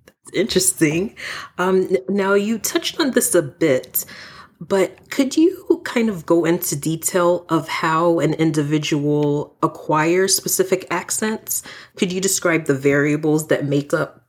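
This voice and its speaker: A woman interviewer asking questions in a measured, slightly halting way. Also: on the low side.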